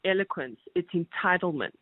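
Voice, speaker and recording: A woman's voice: lowish voice, animated, normal speed, no echo. A woman calling in to a radio show, making her argument in a firm, pointed way. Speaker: caller. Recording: tinny phone line.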